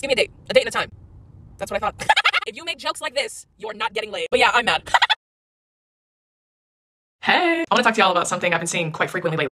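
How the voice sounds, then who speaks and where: Brash, rapid-fire roasting woman. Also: medium pitch, pushed and bright. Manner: brash, profane, laughing often. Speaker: content creator. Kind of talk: roasting commentary video.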